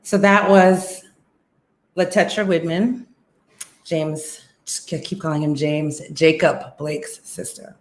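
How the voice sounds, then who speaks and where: A woman hosting a casual online talk show, chatty and lively, with many fillers and laughs. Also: deep voice, takes it slowly, reverberant. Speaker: host.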